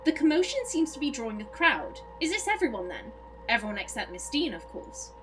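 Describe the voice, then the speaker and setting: A woman hosting a let's play, chatting excitably and rambling as she plays. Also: on the high side, brisk, music in the background, poor audio. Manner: excitable, rambling, self-interrupting. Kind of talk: casual gaming commentary and reading aloud.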